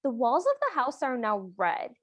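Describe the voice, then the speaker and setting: A woman with a fairly high voice talks through a movie's plot on a podcast. She sounds thoughtful and a little tentative, often softening her points with "kind of" and "sort of." The sound is close and dry. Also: sing-song, moderate pace, no room sound. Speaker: podcast co-host. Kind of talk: casual chat recapping a film.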